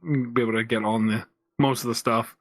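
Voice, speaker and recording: A man's voice: medium pitch, fairly even intonation, a little fast, no echo. A man co-hosting a casual podcast, rambling with frequent restarts and fillers. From Pennsylvania, USA. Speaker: podcast co-host. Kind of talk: casual chat.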